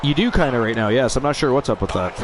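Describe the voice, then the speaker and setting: A man's voice: medium pitch, lively intonation, fast talker, over music. A man giving casual, jokey play-by-play commentary over a wrestling video game, cheering on his favorite.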